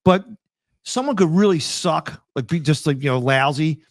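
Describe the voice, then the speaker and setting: A man co-hosting a casual chat, telling stories with lively acted-out bits. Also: on the high side, normal speed, no echo. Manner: animated storyteller, acts out scenes and sound effects. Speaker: podcast co-host.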